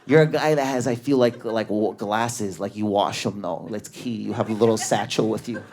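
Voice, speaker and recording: A man doing a stand-up comedy set in a club, riffing on an audience member with raging, neurotic energy and lots of swearing, on a stage mic. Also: background noise. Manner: high energy, profane, neurotic, rapid riffs. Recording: live club audience laughter.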